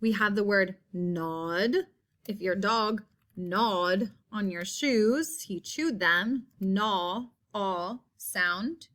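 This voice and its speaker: A woman teacher leading a phonics lesson for young children, slowly stretching out and repeating each word sound. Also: medium pitch, fairly bright tone.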